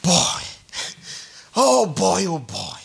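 A man in his forties preaching a sermon as pastor, animated and repetitive, often checking in with the congregation. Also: high voice, extremely slow, creaky, breathy edge. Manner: animated, repetitive, peppered with "all right?" and "hallelujah".

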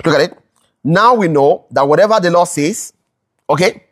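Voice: mid-range voice, normal speed. A Bible study teacher who explains scripture, asks rhetorical questions, repeats them for emphasis, and keeps checking in with listeners. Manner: checks in with listeners, keeps asking "all right?"; corrects themselves mid-sentence.

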